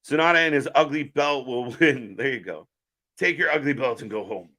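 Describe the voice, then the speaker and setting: A man's voice: mid-range voice, normal speed, bright, forceful tone. A man hosting a live stream, chatting casually as he calls the action and answers viewer chat. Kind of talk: casual live wrestling watch-along commentary.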